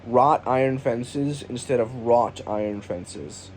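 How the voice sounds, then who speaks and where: A man's voice: mid-range voice, takes it slowly, darkish tone. A man hosting a casual solo comedy podcast, sarcastic and profane, riffing on each item of a list he reads out. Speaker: podcast host. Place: home room with a lawn mower outside. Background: faint lawn mower noise from outside.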